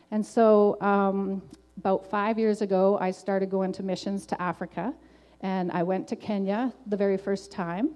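Woman, middle-aged, warm dark voice, earnest, conversational, personal testimony. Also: medium pitch. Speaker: testimony speaker.

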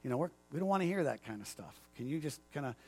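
A pastor acting out an impulsive disciple who talks casually and pushes his point. The voice sits fairly high for a man and leans in, eager to be heard. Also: expressive, fast talker, darkish tone, breathy edge. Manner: casual, pleading, pushy. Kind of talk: sermon retelling.

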